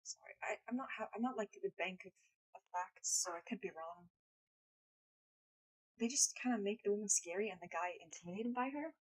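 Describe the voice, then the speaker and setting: A woman's voice: medium pitch, a little fast, low-quality recording. A woman live streaming in casual chat, playful and blunt, swearing freely, speaking English as a second language. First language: not English.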